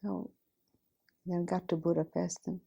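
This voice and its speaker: Gravelly woman in her fifties. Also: on the low side, level tone, unhurried, mellow. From Hungary. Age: 50s. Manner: plain, direct storytelling, often repeats "I says". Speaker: Holocaust survivor giving testimony. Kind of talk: recounting personal testimony.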